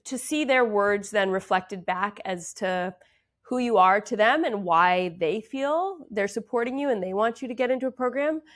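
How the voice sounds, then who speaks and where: A woman's voice: medium pitch, expressive, moderate pace. Earnest, reflective Canadian woman. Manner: reflective, earnest, many fillers. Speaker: actress and dancer, interview guest. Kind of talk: conversational interview.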